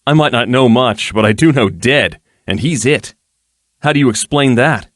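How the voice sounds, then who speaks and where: A man's voice: mid-range voice, normal speed, no echo, studio quality, pitched above the performer's own voice, lightly acted. A man doing a breezy young dandy. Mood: wry breezy. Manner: wry, breezy, lightly ironic. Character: young male nobleman, casual witty dandy.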